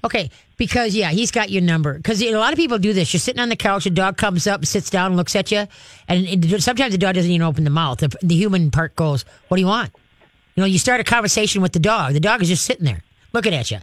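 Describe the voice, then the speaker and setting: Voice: medium pitch, lively intonation, fast, no echo. Direct dog trainer hosting a call-in show. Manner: direct, practical and coaching, acts out commands to dogs. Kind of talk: call-in advice.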